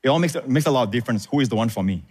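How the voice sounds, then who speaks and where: Male pastor, emphatic call-and-response preaching, lively delivery, echoing hall. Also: medium pitch, very fast. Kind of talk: sermon. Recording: reverberant hall.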